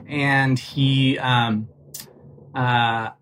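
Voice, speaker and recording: A man telling a personal story as a comedian guest on a podcast, animated and self-mocking, laughing often and loose with fillers. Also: mid-range voice, very slow, slight background noise.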